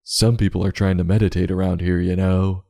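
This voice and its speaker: A man's voice: deep voice, little pitch movement, fairly quick, vocal fry, dark tone. A man voicing a sarcastic, grumpy female house cat who makes snide remarks about her family. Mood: snarky. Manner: snarky, sarcastic.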